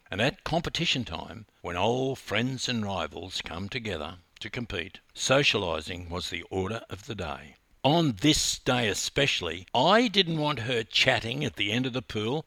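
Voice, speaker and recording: A man, a swimming coach narrating his own memories in an animated, dramatic storytelling style. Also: fairly low pitch, no echo. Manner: animated, dramatic retelling that rises in intensity.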